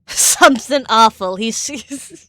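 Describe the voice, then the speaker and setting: A woman's voice: a little high, drawn-out words, sharp tone, no room sound, clean studio sound. A woman streamer chatting casually, rambling and stammering with frequent laughs. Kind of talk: casual live-stream chat.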